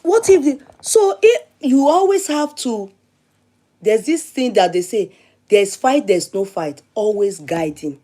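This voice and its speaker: A woman with a Nigerian accent, hosting a show and telling a long personal story in a casual, chatty, animated way, repeating herself for emphasis. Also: a little high, measured pace. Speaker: show host.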